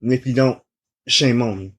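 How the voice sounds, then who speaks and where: A man in his forties co-hosting a podcast, talking in an unhurried, casual way with many fillers. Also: medium pitch, a bit bright, breathy edge. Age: 40s. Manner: unhurried, laid-back delivery with many fillers. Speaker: podcast co-host. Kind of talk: casual chat.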